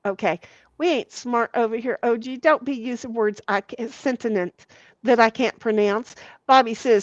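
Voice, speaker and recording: A woman's voice: on the high side, moderate pace, no echo, lo-fi sound. A woman hosting a casual livestream, reading viewer comments aloud in a salty, giggly way and swearing freely. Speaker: livestream host.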